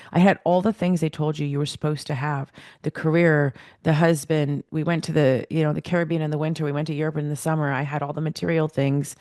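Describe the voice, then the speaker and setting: A middle-aged woman telling a personal story as a podcast guest, animated and acting out the dialogue she remembers. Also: sits low, dry recording, studio quality.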